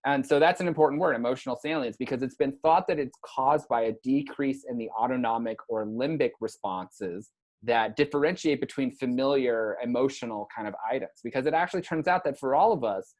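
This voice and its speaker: A man's voice: mid-range voice, a little fast. Casual male lecturer acting out examples. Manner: casual, conversational, acts out patient's lines. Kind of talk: recorded university lecture.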